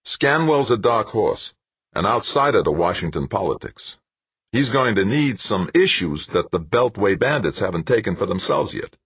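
A man's voice: lowish voice, moderate pace, husky, no room sound, pitched above the performer's own voice, heavily acted. A man doing an eager, crafty PR man. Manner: wheedling, insistent, excitable. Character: eager crafty male PR director. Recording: dull lo-fi dry recording.

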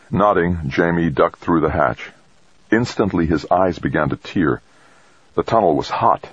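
A man narrating a science fiction story in a steady, dramatic reading. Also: low-pitched, measured pace, husky, no room sound. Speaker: audiobook narrator. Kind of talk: scripted narration. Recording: dull, dry close recording.

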